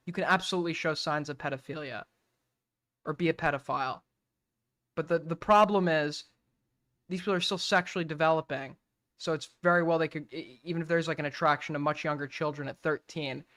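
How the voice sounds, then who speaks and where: Young male host, casual reaction commentary, blunt and profane, slightly high, bright and forceful tone. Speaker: streamer host.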